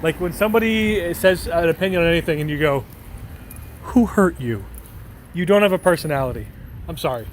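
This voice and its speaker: A man's voice: a little high, quick pace. A man live-streaming outdoors on a city street at night, answering viewers' messages in a rambling, joking way that often breaks into laughter. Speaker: IRL livestreamer. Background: faint traffic and street ambience.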